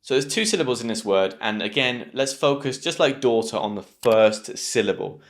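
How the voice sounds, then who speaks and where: A man with a British accent giving an online English pronunciation lesson, patient and clear, slowing down to drill each sound. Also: mid-range voice, animated.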